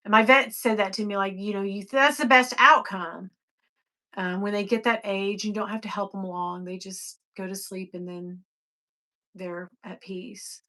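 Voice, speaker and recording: Chatty woman livestreamer with a bright voice. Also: normal speed. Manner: chatty, swings from sighing softness to excited high bursts. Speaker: livestream host. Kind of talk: casual live chat reading comments.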